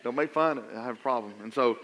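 A middle-aged man, a pastor, preaching a sermon and telling a personal story with stammered restarts before building to loud, emphatic appeals. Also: mid-range voice, fast talker, a little hiss or hum.

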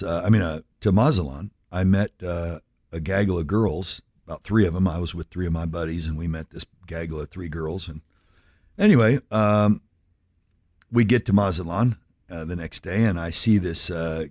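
Earnest deep-voiced man in his fifties. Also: darkish tone, dry recording, studio quality. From California, USA. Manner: earnest, checks in with listeners, many fillers. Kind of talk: personal introduction monologue.

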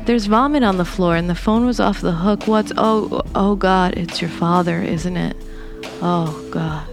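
A woman reading aloud as a young female roommate who gently urges her grieving friend. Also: on the low side, unhurried, music in the background. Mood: shocked. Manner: gentle, urging.

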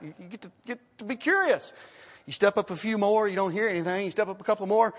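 A man preaching a sermon in a church, emphatic, repeating his phrases and asking rhetorical questions, swinging from loud to hushed. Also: high-pitched, lively intonation, fast, long reverb tail. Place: church sanctuary.

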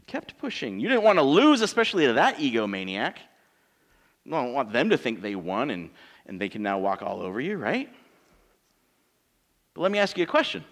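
A man's voice: mid-range voice, wildly swooping pitch, moderate pace, pauses often, a bit bright. A man in his thirties, a pastor preaching a sermon in church in a conversational, joking way, asking his congregation rhetorical questions.

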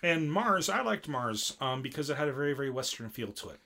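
Bright-voiced man rambling through a recap. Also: medium pitch, fairly quick, vocal fry. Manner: rambling, animated retelling with many fillers. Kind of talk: casual chat recapping an anime episode.

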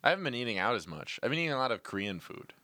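A man's voice: mid-range voice, very animated, rapid-fire, sharp tone, dry recording. A young man co-hosting a comedy podcast in casual banter, swearing freely and laughing at his own jokes. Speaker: podcast co-host.

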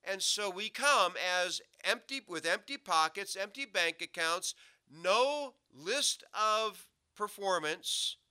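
Male pastor, very bright tone, slightly high; loud emphasis, then low asides. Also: animated, slow, clear, resonant tone, no room sound, clean studio sound. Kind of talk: sermon.

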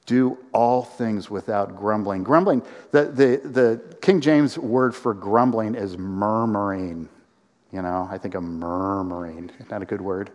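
A man preaching a sermon to a congregation, animated, with acted-out quotes and rising emphasis. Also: on the low side, normal speed, in a large hall. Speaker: pastor.

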